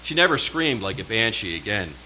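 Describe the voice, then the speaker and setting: A male poet performing his poems live at a small venue, with a measured, dramatic delivery and slow, emphatic pauses. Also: fairly low pitch, sing-song, sharp tone, a little hiss or hum, rough recording.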